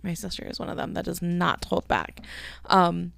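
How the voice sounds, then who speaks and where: A woman's voice: on the low side, normal speed, creaky, fairly bright tone, no echo. A woman in her thirties hosting a casual solo podcast, rambling and chatty, swearing freely. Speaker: podcast host.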